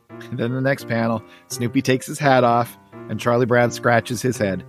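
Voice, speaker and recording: A man's voice: medium pitch, steady tone, moderate pace, soft background music. A man hosting a podcast who welcomes listeners and reads comic strips aloud panel by panel in a friendly, casual way. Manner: friendly, welcoming, talks through each panel. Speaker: podcast host.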